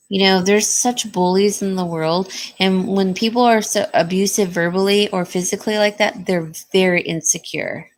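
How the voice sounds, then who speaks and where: A woman hosting a live jewelry sale, chatting casually and answering viewer comments. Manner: coos in a high baby voice to her dog. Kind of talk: casual live-stream sales chat.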